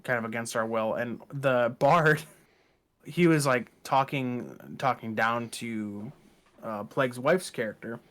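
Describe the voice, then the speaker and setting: A man's voice: mid-range voice, takes it slowly. Chatty male podcast co-host. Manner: relaxed, chatty, with fillers and laughs. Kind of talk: casual chat.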